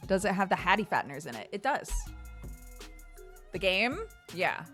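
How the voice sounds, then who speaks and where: A woman's voice: fairly low pitch, very animated, normal speed, fairly bright tone. A woman streamer chatting casually with her viewers, laughing often and telling stories animatedly. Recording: faint background music.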